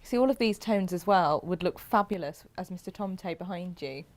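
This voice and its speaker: Woman co-host, lower voice, relaxed and agreeable. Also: normal speed. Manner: easygoing, agreeable, chuckles along. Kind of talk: casual chat.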